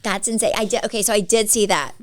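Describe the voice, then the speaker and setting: Smooth-voiced chatty podcast woman. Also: medium pitch, fast, dry recording. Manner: animated storyteller acting out quotes. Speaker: podcast co-host. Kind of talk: casual chat.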